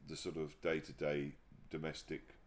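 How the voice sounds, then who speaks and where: A man talking candidly as an interview guest, often pausing and restarting his sentences before warming into animated storytelling. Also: rumbling low. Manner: halting, restarts sentences, then grows animated telling anecdotes. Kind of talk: casual reflective conversation. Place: livestream conversation.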